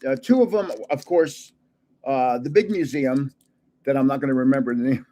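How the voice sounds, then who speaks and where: A man in his seventies hosts a casual livestream in a mellow, medium-pitched voice at a moderate pace. He rambles, chuckles often, and trails off while hunting for words.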